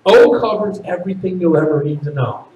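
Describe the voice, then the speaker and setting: A man performing stand-up comedy at a party, with loud, animated shouted bits. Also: sits high, brisk, roomy sound, distant mic, highs cut off.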